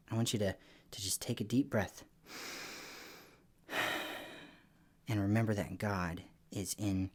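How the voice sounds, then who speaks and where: A man giving a lively children's church lesson, telling stories in an animated, playful way with little voices. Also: mid-range voice. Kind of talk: lively kids' lesson talk.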